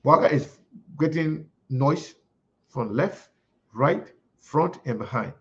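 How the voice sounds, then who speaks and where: A man's voice: fairly high pitch, lively intonation, takes it slowly, dull audio. A male host giving political commentary, rambling and searching aloud as he talks.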